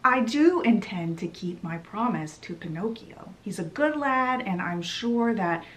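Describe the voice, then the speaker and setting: Woman playing a gentle, patient fairy. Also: mid-range voice, lively intonation, measured pace, natural voice. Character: kind, patient female fairy guide.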